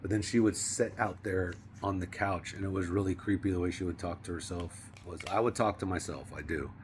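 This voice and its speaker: A man vlogging in a casual, rambling monologue, profane and slangy, sometimes dropping to a hush. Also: low voice, fairly even intonation, fairly quick, slight background noise.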